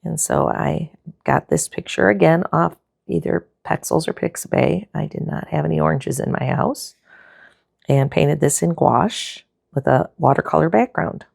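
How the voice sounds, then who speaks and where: Woman, low and raspy-gravelly, easygoing rambling sketchbook tour, dry close sound. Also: normal speed, dry recording. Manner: relaxed and chatty, with frequent fillers and self-corrections. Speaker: art vlogger.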